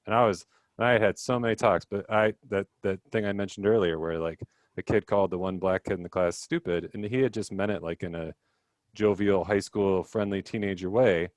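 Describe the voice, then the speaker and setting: A man's voice: low-pitched, fairly even intonation, fairly quick, no room sound. Chatty young man leading a teacher workshop. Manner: chatty, self-deprecating, many fillers and quoted dialogue. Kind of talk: casual talk on a video call. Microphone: video call.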